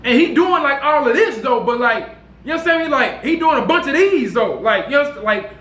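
A man telling a story to camera in a casual, slangy, animated way, repeating himself. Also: extremely high pitch, a little fast, reverberant. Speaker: vlogger. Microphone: camera mic.

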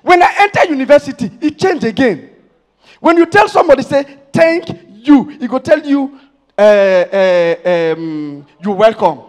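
A man with a Nigerian Pidgin accent from Warri doing stand-up comedy on stage, chatty and animated, building to loud punchlines. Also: very high-pitched, moderate pace. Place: stage before a live audience.

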